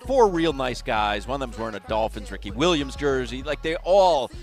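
A man hosts a live talk radio show from a remote broadcast at a bar or restaurant, chatting in a rambling, self-amused way. His mid-range voice has a sing-song lilt and a moderate pace, with soft music playing in the background.

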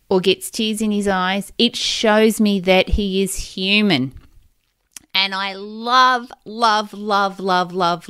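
Her voice is mid-range, smooth, clear and fairly bright as this woman in her forties hosts a podcast, candidly and emotionally recounting her own stories at an unhurried pace. She rambles and keeps circling back. Recorded dry and up close, there's no echo or surrounding room sound.

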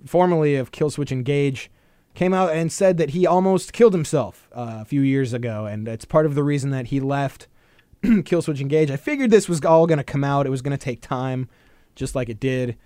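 A man talks in a casual podcast chat, blunt and profane, laughing easily. His pitch sits mid-range for a man. The sound is dry and close, with no room echo. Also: moderate pace, warm tone, clear, resonant tone. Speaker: podcast co-host.

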